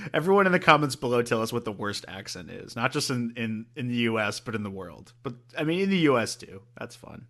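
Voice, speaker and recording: A man's voice: mid-range voice, big pitch swings, a little fast, a bit bright. A man co-hosting a podcast in casual chat, rambling with many fillers and swearing freely. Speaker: podcast co-host.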